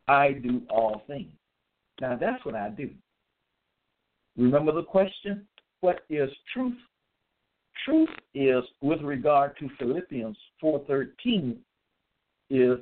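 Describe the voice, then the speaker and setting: A man delivering a slow religious monologue in an emphatic, repetitive way, spelling out letters and restarting his sentences with frequent hesitations. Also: mid-range voice. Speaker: self-styled religious teacher. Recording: tinny phone-like sound.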